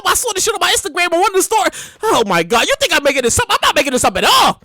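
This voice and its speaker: Woman hosting a podcast, high bright voice swinging all over, loud and excited, keeps repeating herself, dry close sound. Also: fast. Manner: animated, exclaiming and repeating herself. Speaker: podcast host. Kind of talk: comedic news commentary.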